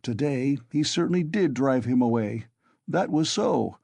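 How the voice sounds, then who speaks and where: A man voicing a tipsy, blustering young male friend, louder and pitched above his own voice. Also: expressive, unhurried, gravelly, no echo.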